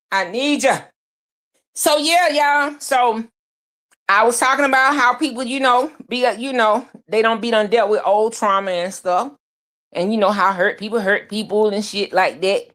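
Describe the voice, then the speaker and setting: A woman hosts a live stream. She talks in an animated, casual way, greets viewers by name and swears freely as she gossips. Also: fairly high pitch, unhurried.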